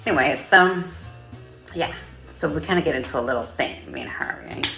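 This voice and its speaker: A woman telling a story in a casual vlog, sassy and profane, with animated delivery. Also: deep voice, normal speed, echoey room, music in the background. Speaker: vlogger.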